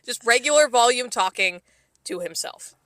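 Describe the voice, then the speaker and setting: A woman co-hosting a podcast who tells rambling stories in casual chat, heavy on filler words and quick to laugh. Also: a little high, animated, fairly bright tone, no room sound, studio quality. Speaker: podcast co-host.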